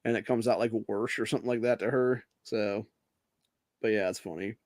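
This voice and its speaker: A man's voice: on the low side, fairly even intonation, fairly quick, no echo, studio quality. A man from Ohio hosting a podcast, ranting with constant swearing and rambling asides full of dude and bro. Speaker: podcast host. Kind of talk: profane rant and casual monologue.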